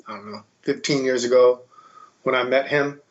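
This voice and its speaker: An American man telling stories in a lively, casual way as a podcast guest. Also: medium pitch, normal speed. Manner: animated, mimics voices in quotes. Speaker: podcast guest, kettlebell instructor. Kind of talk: casual storytelling. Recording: dull lo-fi sound.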